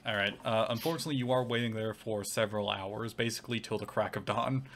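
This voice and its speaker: A man's voice: on the low side, fairly even intonation, fast, a bit bright, a little hiss or hum. A man narrating a tabletop game as game master, in a rambling way full of fillers.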